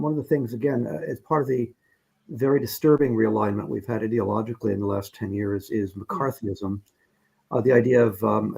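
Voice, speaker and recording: A man appearing as a guest on a radio talk show, giving measured, critical political analysis. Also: fairly low pitch, vocal fry, darkish tone, slightly rough. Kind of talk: political commentary in conversation.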